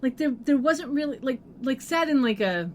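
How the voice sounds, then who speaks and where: Chatty woman co-host, slightly high voice. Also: lively intonation, moderate pace, darkish tone, slight background noise. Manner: agreeable, chatty, fact-sharing. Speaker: podcast co-host. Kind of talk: casual chat with researched asides.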